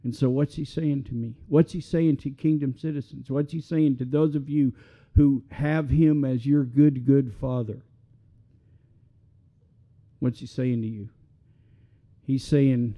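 A middle-aged male pastor preaches in an earnest, conversational way that climbs into passionate appeals. His voice sits at an ordinary pitch for a man. The recording is slightly dull and lo-fi. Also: steady tone, measured pace. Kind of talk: sermon.

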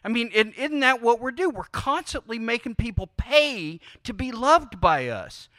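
A man's voice: very high-pitched, sing-song, measured pace, bright, forceful tone, dry recording, studio quality. A man preaching a sermon to a congregation in a conversational way, prodding them with questions and leaning on key words. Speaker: pastor.

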